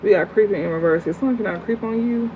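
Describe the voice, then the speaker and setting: A blunt tarot reader talks through a livestream reading in fast, slangy, profane bursts and answers the chat. The audio is thin and phone-like. A faint hum sits underneath. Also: mid-range voice.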